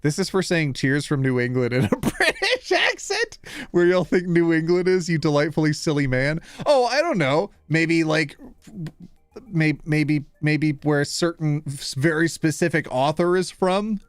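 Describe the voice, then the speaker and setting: A man's voice: a little high, moderate pace, clean tone, dry recording, studio quality, faint music behind. A man from Canada, a streamer in casual live-stream chat, bubbly and playful with a lot of laughter.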